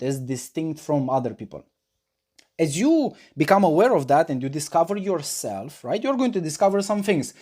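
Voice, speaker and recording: A man's voice: on the high side, mellow. A man working as a life coach, answering questions in a thoughtful monologue and often rephrasing himself as he explains with personal examples.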